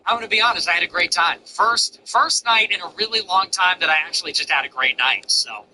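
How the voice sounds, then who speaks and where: Blunt male stream host, slightly higher voice, rambling brash anecdotes, faint hiss behind. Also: a little fast, bright, forceful tone, low-quality recording. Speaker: livestream host. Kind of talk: livestream chat.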